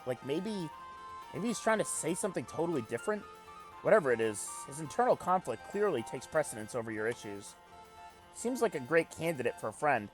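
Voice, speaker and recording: Animated young man reading a game aloud. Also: mid-range voice. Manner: animated, swears casually, jokes at himself. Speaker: let's play gamer. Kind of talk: reading game text aloud with casual commentary.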